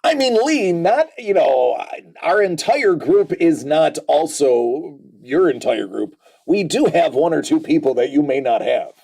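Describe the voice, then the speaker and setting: A man's voice: a little high, expressive, measured pace, vocal fry, mellow, husky. A man in his forties hosting a casual livestream, reading viewer comments aloud and joking about them. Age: 40s.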